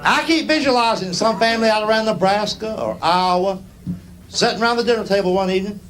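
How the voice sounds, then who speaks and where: A man's voice: high voice, fast, fairly bright tone, poor audio. A male stand-up comedian telling folksy stories on stage to a live audience, with drawling punchlines. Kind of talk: storytelling stand-up. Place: theater stage before a laughing audience. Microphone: stage microphone. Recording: live show with crowd laughter and noise.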